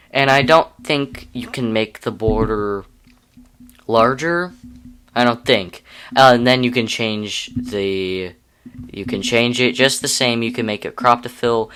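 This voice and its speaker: A man's voice: fairly low pitch, fairly bright tone, slight background noise. A young man casually walking through a video editing tutorial, rambling and correcting himself with amused asides. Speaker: YouTube tutorial creator.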